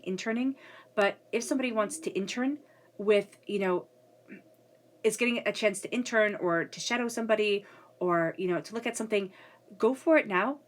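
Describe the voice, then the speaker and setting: A woman coming down with a cold gives an earnest, casual spiritual reading. She repeats phrases for emphasis and keeps checking in with the listener. Her voice sits at an ordinary middle pitch for a woman. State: getting a cold. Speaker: tarot reader.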